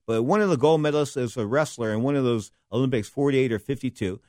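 A middle-aged man spins loose, rambling stories in a casual monologue, and he is lively about it, often stopping to fix a name he just stumbled on. His voice sits at a middling pitch and sounds dry and close, with no room around it. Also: fast, no room sound. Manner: rambling, animated, stops to correct names. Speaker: wrestling history podcast host.

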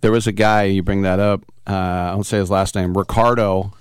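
Low-voiced man telling stories. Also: little pitch movement, moderate pace, smooth, no room sound, clean studio sound. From California. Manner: anecdotal, acts out quotes. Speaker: podcast host. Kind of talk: casual storytelling chat.

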